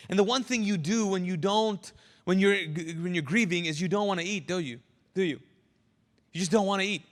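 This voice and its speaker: A man preaching a sermon as pastor, animated and drawing answers out of his congregation. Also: high voice, long reverb tail. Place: church sanctuary.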